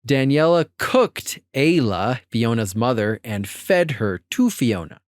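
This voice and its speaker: A man's voice: medium pitch, takes it slowly, dry recording. Man co-hosting a podcast, dry sound. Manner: laughing, animated storytelling. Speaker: podcast co-host. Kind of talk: casual chat.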